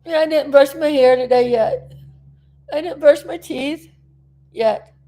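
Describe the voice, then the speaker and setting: Her voice is high and dark-toned, moving at a measured pace. She's a South Florida vlogger recovering from an injury, chatting to the camera in a rambling, emotional way and close to tears as she talks with viewers.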